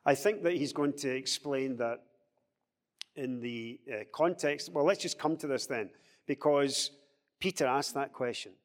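A man leading a Bible study discussion, explaining scripture with lively acted-out quotes. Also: medium pitch, a little slow, long reverb tail. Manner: animated, acts out quoted speech in a raised voice.

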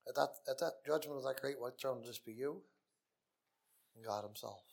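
A man's voice: medium pitch, fairly quick, gravelly. A man preaching a gospel sermon in an earnest way, repeating key phrases and dropping to a near whisper on the most solemn lines.

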